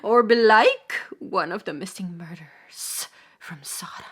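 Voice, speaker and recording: A woman's voice: medium pitch, a little slow, fairly bright tone. A woman reading the whispered lines of sailors gossiping about a stranger. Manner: whispered, conspiratorial.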